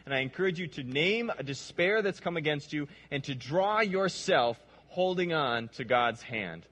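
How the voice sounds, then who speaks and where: A male pastor delivers a heartfelt sermon in a slightly high, breathy, husky voice. He moves between quiet, drawn-out phrases and urgent, emphatic stretches as he speaks to his congregation. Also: lively intonation. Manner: impassioned, swings between hushed and emphatic.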